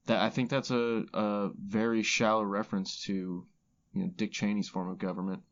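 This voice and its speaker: A podcast co-host talks about rap lyrics bluntly and casually, swearing heavily. His voice is lowish with a flat delivery at normal speed, and the audio sounds dull.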